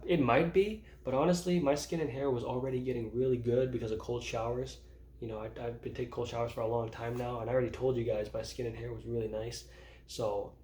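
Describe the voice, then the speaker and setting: A man's voice: mid-range voice, darkish tone. Rambling man in his thirties, roomy sound. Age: 30s. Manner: rambling, self-interrupting, laughs at himself. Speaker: vlogger. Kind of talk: casual personal vlog. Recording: roomy echo.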